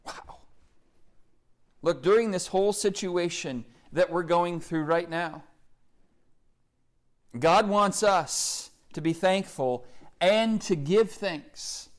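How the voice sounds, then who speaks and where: A man's voice: sits high, slow pace. A man preaching a sermon, emphatic, reciting scripture in rising, building lists. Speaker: pastor.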